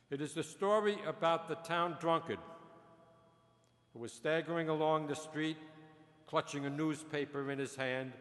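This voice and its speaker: A man preaching a sermon as a priest, telling stories and jokes slowly and chuckling at his own punchlines. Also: mid-range voice, a bit bright. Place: large church. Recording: long church reverb.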